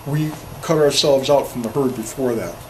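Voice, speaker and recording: A man's voice: mid-range voice, moderate pace, a little hiss or hum. Folksy man, rambling, distant mic. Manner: folksy, rambling, tells jokes, restarts words. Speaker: chainsaw carving instructor. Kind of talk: casual workshop talk to an audience. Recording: distant mic, faint room ambience.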